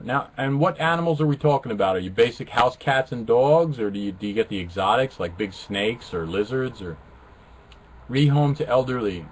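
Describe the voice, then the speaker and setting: Joking, lively man. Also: mid-range voice, a little hiss or hum. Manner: flippant, joking, self-mocking. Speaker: live webcast host. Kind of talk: casual rambling chat with viewers.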